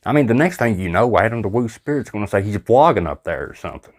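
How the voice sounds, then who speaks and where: A man hosts a reaction video, pouring out exasperated, sarcastic commentary. His voice sits on the low side. He sounds fed up and mocking throughout. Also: animated, fast talker.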